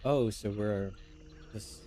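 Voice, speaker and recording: A man's voice: fairly low pitch, takes it slowly, mellow, slight background noise. Raisha, a man playing a wry woman adventurer.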